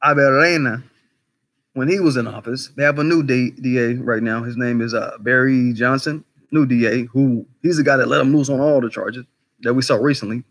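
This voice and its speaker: A man hosts a loose, profane livestream commentary, his voice sitting at an ordinary middle pitch. He talks in an animated, conversational way and keeps firing off rhetorical questions. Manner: greets live chat viewers by name mid-talk. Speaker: commentary channel host.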